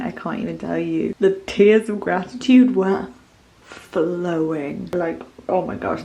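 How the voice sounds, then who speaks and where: A woman, chatting excitedly to camera in a casual vlog outdoors in the countryside. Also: medium pitch, vocal fry. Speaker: vlogger. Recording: noisy outdoor phone recording.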